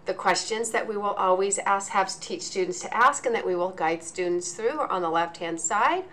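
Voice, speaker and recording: A woman's voice: medium pitch, normal speed, bright, forceful tone. Patient woman teacher explaining step by step. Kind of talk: instructional walkthrough.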